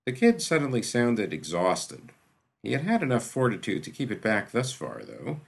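A man narrating a fantasy story in an expressive storytelling manner. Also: mid-range voice, normal speed, creaky, breathy edge. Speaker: audiobook narrator. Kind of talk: scripted fiction narration.

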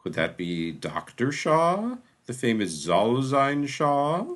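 A man voicing a menacing one-eyed dark sorcerer who speaks slowly, with a heavy, doom-laden voice. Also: very animated, exaggerated voice. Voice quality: slow, booming, doom-laden.

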